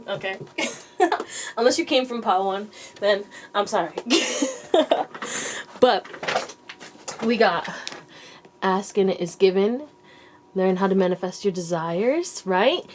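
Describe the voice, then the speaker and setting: A woman's voice: medium pitch, animated, takes it slowly, long pauses, a little hiss or hum. A woman giving a casual pick-a-card tarot reading to her viewers. She talks in a loose, rambling way, full of likes and restarts, and calls the viewers baby and you guys. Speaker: tarot reader and channel host.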